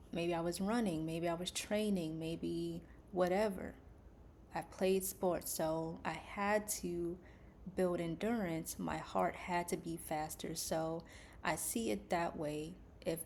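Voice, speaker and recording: Slow, gentle-spoken woman. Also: lowish voice, a little hiss or hum. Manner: slow, gentle and soothing, soft breathy asides. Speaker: faith and wellness vlogger. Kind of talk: calm reflective talk to camera.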